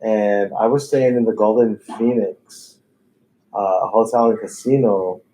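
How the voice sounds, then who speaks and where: A man's voice: lowish voice, fairly even intonation, a little slow, mellow, rough recording. A man, a tattoo artist, telling stories in a laid-back way, swearing freely and laughing often. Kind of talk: casual storytelling. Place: tattoo shop.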